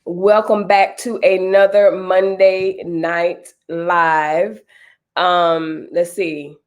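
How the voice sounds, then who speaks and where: Host, woman, thirties, congested and nasal, chatty and a touch low-voiced. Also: little pitch movement, drawn-out words. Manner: chatty, greets viewers by name. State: stuffy, nasal from a cold. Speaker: live stream host. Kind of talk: casual live chat.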